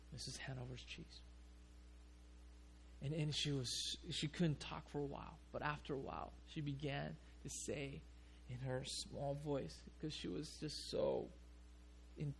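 Gravelly-voiced pastor telling a story. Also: male voice, medium pitch, measured pace, a little hiss or hum. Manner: animated, with frequent restarts. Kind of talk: sermon storytelling.

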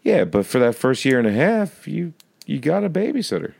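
A man's voice: a little high, sing-song, moderate pace, vocal fry, a little mellow. A man co-hosting a podcast, joking casually about a movie and slipping into silly voices now and then. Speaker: podcast co-host.

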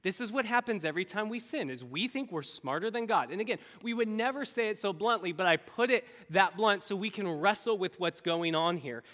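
A man preaching a sermon to his congregation, animated and acting out the voices he quotes. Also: high-pitched, fairly quick, hardly any pauses. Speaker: pastor. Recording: echoey hall.

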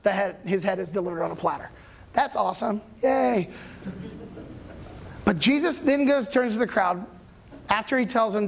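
A pastor preaching in a conversational, animated way, retelling a story and checking in with the audience. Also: medium pitch, normal speed, vocal fry, long pauses, husky. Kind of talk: sermon.

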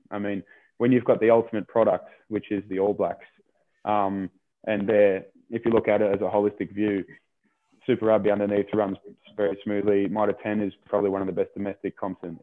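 An Australian man talks rugby in a loose, rambling way, stumbling over repeated words and dropping "mate" into his sentences. His voice sits a little low. The sound is thin and tinny, as if heard over a phone line. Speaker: rugby player guest. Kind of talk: casual interview chat.

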